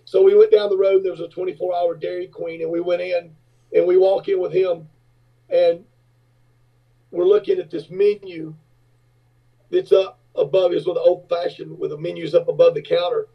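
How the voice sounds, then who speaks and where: At a normal speed, a husky-voiced man, a rock singer and businessman, shares stories as an interview guest in a casual chat. His pitch sits a little high for a man, and he energetically performs other people's lines in a high squeak. The audio is dull and lo-fi.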